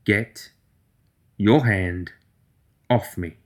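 A man reading a storybook, voicing a volatile half-metal woman with a steely, oily voice, speaking slowly and with menace. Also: mid-range voice, sharp tone, pitched above the performer's own voice. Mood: menacing. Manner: slow, clipped, menacing.

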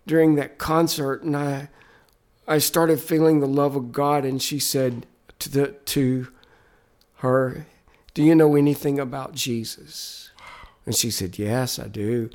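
A man's voice: mid-range voice, fairly even intonation, a little slow, a little mellow. A man, a Christian musician, telling stories in a podcast interview with an earnest, emphatic, preacher-like cadence.

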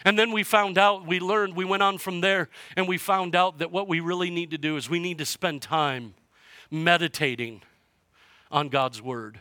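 A male pastor preaching to his church, his voice fairly high and bright. He swings from quiet, hushed stretches to loud, passionate declarations. The sound is close and dry. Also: steady tone, normal speed, no echo. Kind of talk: sermon. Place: church sanctuary.

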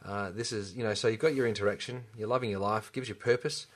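A middle-aged chiropractor co-hosts a podcast, chatting casually and enthusiastically while restarting his sentences a lot. He talks fast in a lowish voice with fairly even intonation.

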